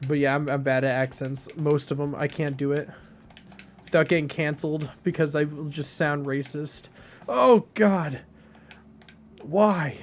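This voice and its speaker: A man's voice: on the high side, flat delivery, moderate pace, slight background noise. A man streaming a game and chatting with his viewers in a rambling, casual way, full of filler words. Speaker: game streamer reading chat. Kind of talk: casual chat while playing.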